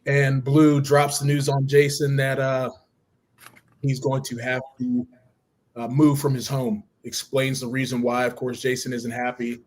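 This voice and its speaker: A man co-hosting a live stream, walking through comic pages in an even tone with many pauses. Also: mid-range voice. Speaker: co-host. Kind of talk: describing comic art.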